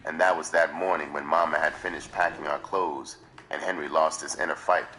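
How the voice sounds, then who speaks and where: A man reads a memoir aloud in a measured, dramatic storytelling manner. His voice is very deep yet carries a bright, tense edge. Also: steady tone, slight background noise, rough recording. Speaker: livestream reader.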